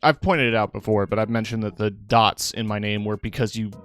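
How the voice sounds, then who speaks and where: Fairly quick and lowish, a young man's voice comes through over faint music as he streams live. He's tired and yawning, chatting casually and aimlessly with viewers and filling the gaps with fillers.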